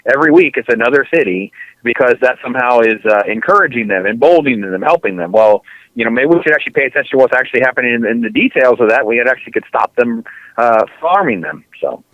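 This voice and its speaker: A man's voice: medium pitch, animated, fast, a bit bright, no echo. A man co-hosting a political talk show, reporting news in a dry, matter-of-fact way. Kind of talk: casual political talk radio. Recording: dry, dull lo-fi sound.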